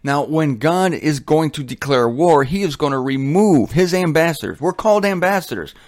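A man's voice: fairly high pitch, lively intonation, normal speed, darkish tone. A man preaching a sermon in a blunt, colloquial and emphatic way.

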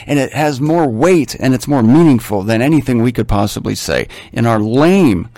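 A man teaching through a Bible passage in a conversational, animated way, with wry asides and humor. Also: medium pitch, moderate pace, hardly any pauses, no echo.

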